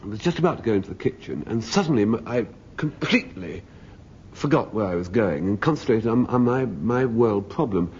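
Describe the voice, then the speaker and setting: A man's voice: on the low side, expressive, a little fast, darkish tone. Droll man spinning a comic tale. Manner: wry, droll. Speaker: comedy panelist. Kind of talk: anecdotal comic storytelling. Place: radio studio with audience. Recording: dull 1970s radio broadcast with faint hiss.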